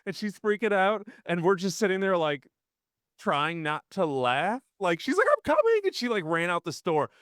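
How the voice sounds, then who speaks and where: A man co-hosting a podcast in casual chat, animated and quick to mimic other people's voices. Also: high-pitched, clean tone, no echo, studio quality. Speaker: podcast co-host.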